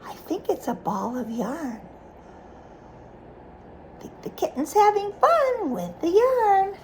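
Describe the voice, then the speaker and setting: A woman's voice: very high voice, slow pace, slight background noise. A woman reading a picture book aloud to a child, stopping often to ask questions about the pictures. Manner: animated, asks the child questions.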